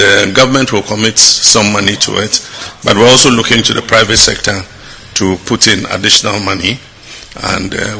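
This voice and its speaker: A middle-aged man with a Ghanaian accent giving a public speech, measured and halting with fillers, turning emphatic. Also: lowish voice, gravelly, bright, forceful tone, a little hiss or hum. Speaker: head of state giving a speech.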